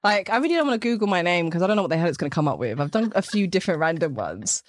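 A young British woman hosting a podcast in casual chat, lively and laughing often, with a casual swear here and there. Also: on the low side, rapid-fire, dry recording. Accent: British English. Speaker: podcast host.

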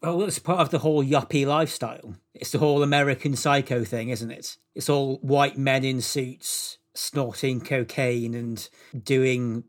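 Deadpan man reciting absurd facts. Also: mid-range voice, normal speed. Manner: deadpan, matter-of-fact delivery of absurd facts. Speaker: podcast presenter. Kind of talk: deadpan comedic narration.

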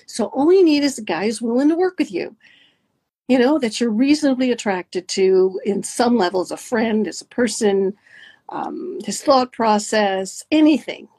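A woman with a somewhat high, husky voice talks straight to her listeners as a coach. Her delivery is animated and conversational, and her pitch swoops up and down as she demonstrates. The sound is dry and close. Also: no room sound. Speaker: dating and mindfulness coach. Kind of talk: guided coaching talk.

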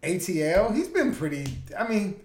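A man co-hosting a podcast in casual banter, swearing freely, laughing often and telling stories with animated quoted voices. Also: high voice, moderate pace. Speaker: podcast co-host. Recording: echoey room.

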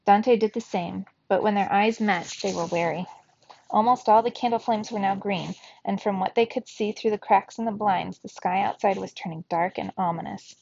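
Gravelly woman reading a children's novel aloud. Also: mid-range voice, normal speed, muffled recording. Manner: steady, expressive storytelling. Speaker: reader for a children's book club.

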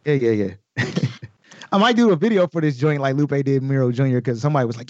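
A man's voice: medium pitch, fast talker, dry recording, highs cut off. Man breaking down his rap lyrics. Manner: animated, explaining his own rap lyrics with many fillers. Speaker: guest recording artist. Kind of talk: casual podcast talk.

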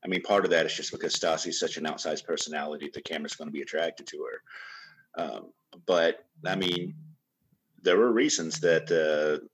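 A man co-hosting a podcast, talking in a laid-back, measured way. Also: extremely low pitch, slight background noise. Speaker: podcast co-host. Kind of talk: casual chat.

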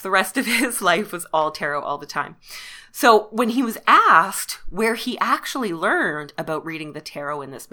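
A Canadian woman hosting her own podcast, talking casually in a fairly low but bright, forceful voice. She is chatty and self-deprecating, and she breaks into laughs often. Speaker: podcast host. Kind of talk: casual solo podcast monologue.

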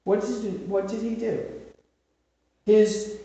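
A woman giving an informal Bible teaching. She speaks emphatically, asks rhetorical questions and slows down on key points. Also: medium pitch, flat delivery, mellow. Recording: very echoey room, distant mic.

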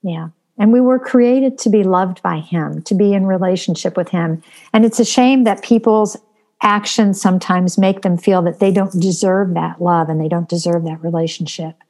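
A woman's voice: mid-range voice, a little mellow. Earnest woman preaching in casual talk. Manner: earnest, preaching, frequent ums. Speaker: co-host of a Christian talk show. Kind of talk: casual faith discussion.

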